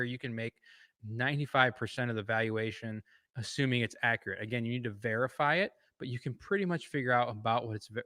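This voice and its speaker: A man from Illinois explains valuation in an easygoing classroom manner, full of fillers and quick restarts. His voice sits at a middle pitch and is recorded close and dry, with no room sound. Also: a bit bright, no room sound. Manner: loose and conversational, many fillers and self-corrections. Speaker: real estate educator. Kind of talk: casual teaching talk. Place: indoor room with a board.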